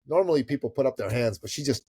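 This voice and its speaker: A man's voice: mid-range voice, fast talker, slightly rough. A middle-aged man from Iran telling a story in a podcast interview, acting out the people in it. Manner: animated storyteller who acts out the people in his stories. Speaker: guest entrepreneur.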